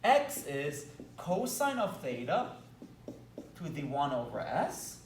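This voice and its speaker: A man's voice: on the high side, sing-song, slow, a little hiss or hum. A man with a Belgian accent teaching math at a whiteboard, talking with enthusiasm and playful asides. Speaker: math lecturer. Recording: echoey room, mic at a distance.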